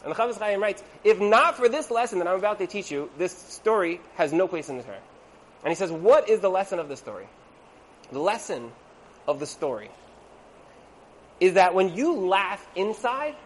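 A man with a high voice teaches an evening class on Torah and marriage, keeping it chatty. He tosses in rhetorical questions and slips into the voices of the people he quotes. A faint noise runs under his voice. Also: animated, normal speed, pauses often. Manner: conversational, asks rhetorical "right?", acts out quoted voices.

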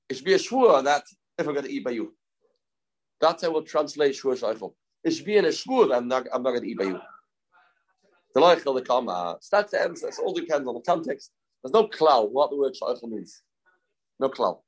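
A man teaching a daily Talmud page, walking through each case step by step. He repeats key phrases to drive a point home and reads in a way. His voice sits at an ordinary middle pitch. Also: animated, fairly quick, long pauses. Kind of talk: daf yomi lecture.

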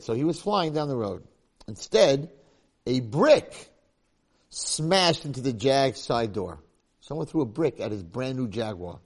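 A man's voice: medium pitch, a little mellow. A man teaching a religious lecture, telling a moral story and repeating key points for emphasis. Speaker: Torah teacher.

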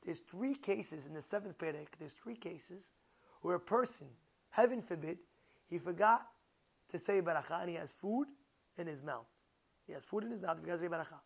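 Rabbi teaching a class, animated, talks with the room, lots of fillers. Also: male voice, high-pitched, a little fast, gravelly, breathy edge. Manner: animated, asks the room questions, many fillers. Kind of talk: Torah class to listeners.

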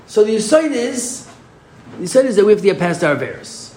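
A man with a somewhat high voice teaches an informal Torah class. He talks conversationally and keeps posing rhetorical questions. The recording is roomy, with faint ambience behind him. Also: very animated, a little fast, a little mellow, slight background noise. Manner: conversational, asks rhetorical questions, restarts sentences.

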